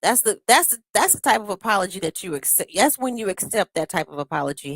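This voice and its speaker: A woman hosts a casual live-stream reaction in a mid-pitched, everyday voice. She is blunt and profane and greets viewers between remarks. The sound is dry and close. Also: sing-song, fast talker, few pauses, a bit bright, no echo. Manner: blunt, cussing, greets chat viewers by name.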